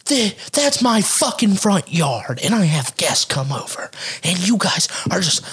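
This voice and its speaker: A podcast host voicing an angry middle-aged female neighbor who scolds in a shrill, drawn-out way. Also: sing-song, a bit bright, slightly rough, heavily acted. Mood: indignant scolding.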